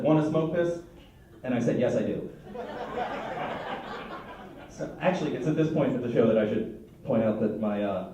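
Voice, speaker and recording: A man's voice: mid-range voice, a little mellow. A man doing a stand-up set, rambling and stammering through restarts on a club stage. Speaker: stand-up comedian. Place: comedy club stage with audience. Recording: echoey club recorded from a distance.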